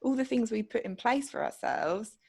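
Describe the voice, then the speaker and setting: A woman's voice: a little high, normal speed, gravelly, a little mellow, slightly rough. A woman co-hosting a podcast in casual chat, blunt and outspoken, swearing freely. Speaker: podcast co-host.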